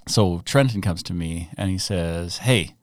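A middle-aged man hosting a podcast interview in a relaxed, rambling way. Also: low voice, a little slow, dry recording, clean studio sound. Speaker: podcast host.

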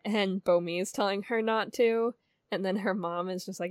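A woman's voice: mid-range voice, steady tone, normal speed, no echo, clean studio sound. A woman co-hosting a podcast in casual chat, wry and laughing often. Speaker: podcast co-host.

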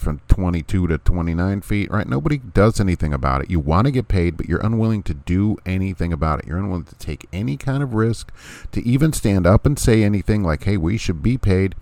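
A man with a deep, low voice hosts a casual podcast. He talks bluntly and sarcastically and keeps repeating his point for emphasis. The sound is dry and close, with no room around it. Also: expressive, a little fast, darkish tone, no room sound. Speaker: podcast host.

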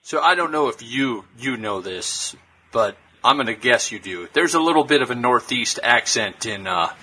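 A man from the upper Midwest, a podcast host asking his guest curious questions in a relaxed way. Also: mid-range voice, normal speed, breathy edge. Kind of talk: casual interview questions.

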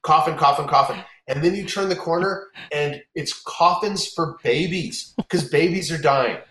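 A man's voice: fairly high pitch, normal speed, a bit bright. A man telling a long road story in casual chat, swearing often and restarting his sentences. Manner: rambling, profane storytelling with many restarts. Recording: roomy echo.

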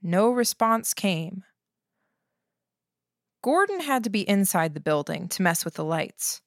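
A woman reading a first-person novel aloud in a steady, measured way. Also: mid-range voice, no echo, clean studio sound. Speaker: audiobook narrator.

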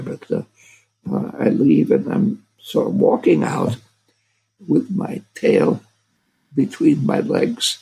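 Older guy, a doctor, telling a story, very gravelly and husky, stops and restarts a lot. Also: a little high, huge pitch swings, dark tone, rough recording. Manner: halting, full of restarts and fillers. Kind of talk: casual storytelling.

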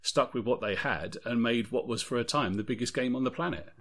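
A man's voice: medium pitch, fairly quick, fairly bright tone. A man co-hosting a podcast, talking about tabletop games in a rambling, opinionated way. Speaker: podcast co-host. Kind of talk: casual podcast discussion.

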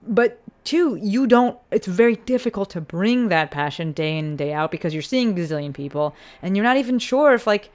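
A woman's voice: mid-range voice, expressive, brisk, few pauses, darkish tone. A woman hosting a podcast and talking casually and earnestly, with the occasional swear word. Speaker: podcast host; physical therapist.

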